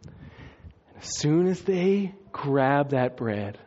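A male pastor delivers a sermon in a high, bright-toned voice, swinging between hushed and loud as he acts out the story. The recording sounds a little dull and muffled. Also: extremely slow. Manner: animated storytelling, acting out voices and shouts.

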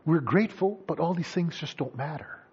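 Animated high-voiced male preacher. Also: a little fast, a little hiss or hum. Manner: animated, acts out quoted voices. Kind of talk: sermon. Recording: dull lo-fi sound.

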